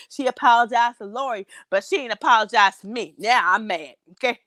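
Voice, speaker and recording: A woman, telling a story in animated, indignant casual chat. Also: a little high, moderate pace, no echo. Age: 40s.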